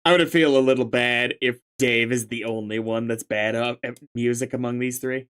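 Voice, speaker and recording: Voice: medium pitch, fairly even intonation, normal speed, fairly bright tone, clear, resonant tone. A reader going through a webcomic aloud, mixing narration with casual, profane commentary. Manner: casual, profane, laughs often. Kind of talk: reading a comic aloud with commentary.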